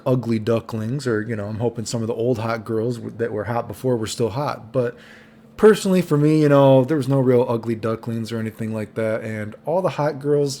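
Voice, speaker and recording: A man's voice: medium pitch, vocal fry, dark tone. Young guy, vlog storyteller, loose and foul-mouthed, chatty tags. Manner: casual, profane, rambling with "right?" tags. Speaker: vlogger. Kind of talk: storytime monologue.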